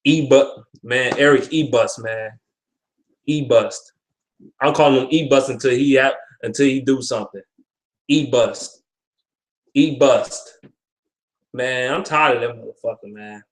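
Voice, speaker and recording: A man's voice: mid-range voice, unhurried, pauses often. A young man ranting with frustration about his football team, profane and repetitive. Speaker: sports fan vlogger. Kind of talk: ranting sports commentary. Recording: echoey room.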